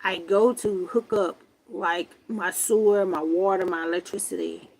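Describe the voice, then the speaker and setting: A woman in her forties telling a story on a livestream from her grandmother's home, animated and emphatic, swearing freely. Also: lowish voice, measured pace. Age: 40s. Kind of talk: casual storytelling rant.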